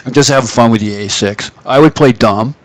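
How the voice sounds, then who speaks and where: A man hosting a live trading stream and telling a story in a loose, casual way. He acts out the people he quotes with sudden jumps in pitch. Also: a little fast. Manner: animated, acts out quoted voices.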